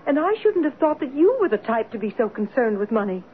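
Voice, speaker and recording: A gentle, earnest young lady in an old radio drama. Her soft, sincere voice rises and falls with lively pitch. The sound is tinny and lo-fi with faint hiss. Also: fast. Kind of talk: 1970s radio drama acting.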